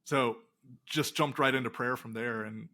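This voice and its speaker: A man's voice: mid-range voice, normal speed. A middle-aged man, a pastor and game designer, telling stories in a casual interview and acting out the dialogue. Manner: animated retelling with quoted dialogue.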